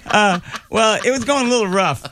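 A man who is a comedian guest on a talk show, telling sarcastic comic stories in an animated way and acting out the people in them. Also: sits high, normal speed, slight background noise.

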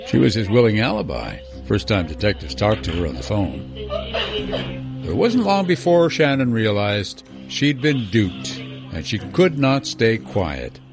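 A man giving scripted true-crime narration in a measured, dramatic way. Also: lowish voice, big pitch swings, vocal fry, music in the background.

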